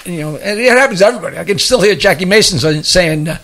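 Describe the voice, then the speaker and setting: A man with a high, gravelly voice and a bright, tense edge talks casually as a comedy guest. He rambles through his jokes, chuckling at his own lines as he builds to the punchline. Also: animated, very fast. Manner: chuckles while telling jokes, rambling storyteller. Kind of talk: casual chat and joke telling.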